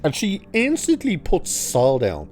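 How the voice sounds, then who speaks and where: A man's voice: on the high side, huge pitch swings, a little slow, darkish tone. A man reviewing a TV episode in a sarcastic, mocking rant, swearing casually as he picks apart the plot. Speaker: TV review vlogger.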